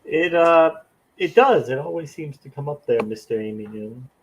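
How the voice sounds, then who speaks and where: A man's voice: a little high, lively intonation, normal speed, dull audio, a little hiss or hum. A man co-hosting a casual livestream chat, trading wry, agreeable banter. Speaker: co-host.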